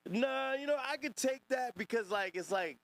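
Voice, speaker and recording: A man's voice: very high-pitched, expressive, moderate pace. A man hosting a casual livestream podcast, rambling and profane as he reads and answers chat. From Northern California. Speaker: podcast host.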